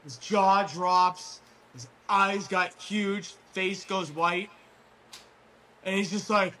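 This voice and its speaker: A man telling a long story in casual chat, rambling with fillers and restarts, clearing his throat as his voice wears out. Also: sits high, steady tone, slow pace, pushed and bright, a little hiss or hum. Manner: rambling, full of fillers and restarts, swears freely. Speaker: guest storyteller.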